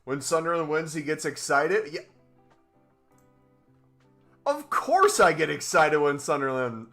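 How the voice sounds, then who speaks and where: Excitable male streamer, lively bright voice. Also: fairly high pitch, measured pace, long pauses, soft background music. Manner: excitable and joking, with whoops and laughs. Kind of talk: live-stream gaming chatter. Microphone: streaming microphone.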